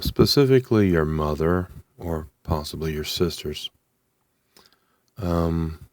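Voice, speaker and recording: A man with a low, deep voice talks at an unhurried crawl, pausing often and restarting his sentences. The sound is dry and close, with no room around it. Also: a little mellow, no room sound. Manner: slow, halting, many ums and restarts. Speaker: channel host. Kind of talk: unscripted monologue to camera.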